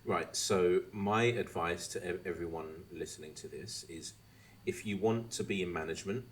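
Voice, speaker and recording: A man hosting a podcast, chatting casually and ranting with animated asides and swearing. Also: sits low, normal speed, a little hiss or hum. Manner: animated, swearing, mimics others mid-rant. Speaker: podcast host. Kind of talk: casual chat.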